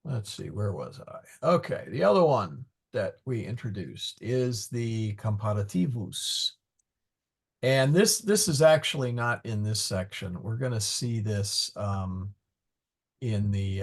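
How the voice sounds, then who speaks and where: A low, husky male voice with a gravelly edge. He teaches Latin in a slow, deliberate way. He stops often to search his notes and mutters asides under his breath. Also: expressive. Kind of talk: classroom Latin lesson.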